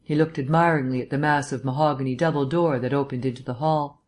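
An audiobook narrator reading scripted narration in a measured, even storytelling manner. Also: medium pitch.

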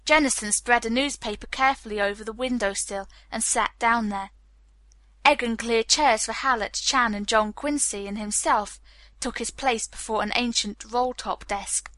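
A woman reads a novel aloud in a steady, clear storytelling voice. Her voice sits a little high and sounds bright. The recording is dry and close. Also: moderate pace, no echo. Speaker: audiobook narrator. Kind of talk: scripted narration.

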